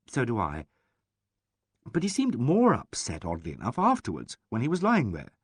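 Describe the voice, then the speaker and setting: A man voicing a flustered, gushing young woman in an audiobook, excitable and stammering. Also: mid-range voice, normal speed, breathy edge, no room sound, clean studio sound, full character voice. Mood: indignant.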